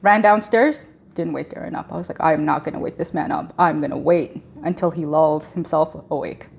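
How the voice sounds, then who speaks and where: Animated woman telling a personal story. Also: deep voice, brisk, vocal fry, slight background noise. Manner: animated, laughs often, acts out quoted dialogue. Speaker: guest sharing her pregnancy story.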